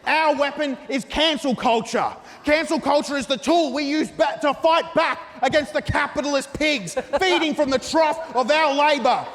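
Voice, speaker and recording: High-voiced man ranting on stage. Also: normal speed, few pauses, a bit bright. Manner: mock-earnest, ranting delivery. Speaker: stand-up comedian. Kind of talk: stand-up comedy set. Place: large theatre stage. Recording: live hall recording with reverb.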